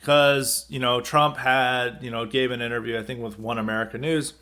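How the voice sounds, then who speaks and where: A man's voice: mid-range voice, fairly even intonation, normal speed, bright, forceful tone. Casual male political podcast host. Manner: loose and conversational, frequent filler words and restarts, wry chuckles. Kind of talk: unscripted political commentary monologue.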